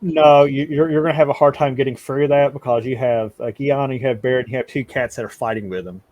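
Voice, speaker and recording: A man's voice: mid-range voice, fairly even intonation, fast talker, dull audio. A man narrating a tabletop game as game master, stumbling over and repeating words and laughing often.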